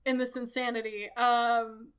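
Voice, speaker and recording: A woman's voice: a little high, measured pace, smooth. A woman co-hosting a podcast, chatting casually and jokingly with frequent swearing and an American accent. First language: English; also fluent in Russian. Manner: animated, swearing, jokey. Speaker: podcast co-host. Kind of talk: casual chat.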